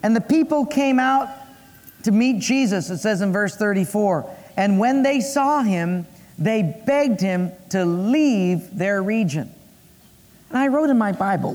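A man's voice: sits high, expressive, measured pace, a little mellow. A male pastor preaching a sermon, playful, acting out voices and dropping puns. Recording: long echo of a large hall.

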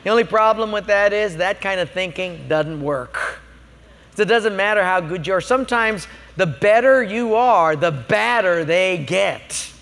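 High-voiced preacher in an echoing hall. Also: male voice, animated, measured pace, a bit bright. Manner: humorous, emphatic storyteller. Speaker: pastor. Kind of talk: sermon.

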